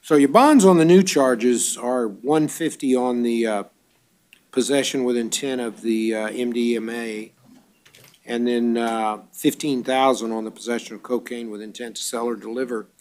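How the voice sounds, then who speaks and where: A man presiding as judge at a court bond hearing, reading charges briskly and dropping dry wisecracks. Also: medium pitch, darkish tone.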